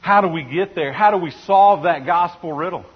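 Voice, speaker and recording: A man's voice: high-pitched, fairly quick, breathy edge. A male pastor preaching a sermon in an earnest way, often restarting phrases and asking rhetorical questions. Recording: dull sound with long hall reverb.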